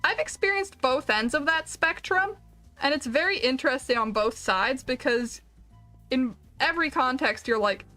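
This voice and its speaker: A woman streamer chats casually while she plays, rambling from one thought to the next with self-deprecating jokes. Her voice is fairly high and bright. Faint music plays behind her. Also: lively intonation, moderate pace. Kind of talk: casual chat while gaming.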